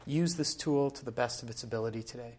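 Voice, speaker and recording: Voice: mid-range voice, fast, a little mellow. An interviewer asking curious, prompting questions and laughing along with the guest.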